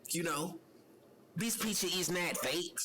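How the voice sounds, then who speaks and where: A man's voice: high voice, slow pace, pushed and bright, slight background noise, poor audio. A young man in an unscripted personal monologue who talks earnestly, repeating himself and circling back to the same phrases, with many "you know"s. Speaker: personal vlogger.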